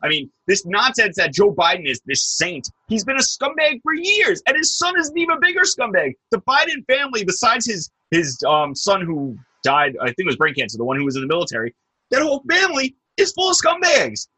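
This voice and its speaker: A young man hosting a heated political chat, and his voice swings high and low with real animation. His tone is bright and a little husky, and the sound is dry and close. He talks in an emphatic, scornful way. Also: big pitch swings, a little fast, no room sound, rough recording. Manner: emphatic, scornful, rising to sharp peaks. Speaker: political talk show host.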